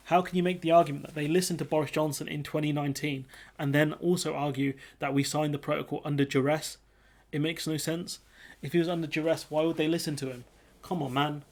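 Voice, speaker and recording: A man's voice: a little high, level tone, fast talker. A man reading political commentary aloud and reacting to it with sarcastic, exasperated remarks.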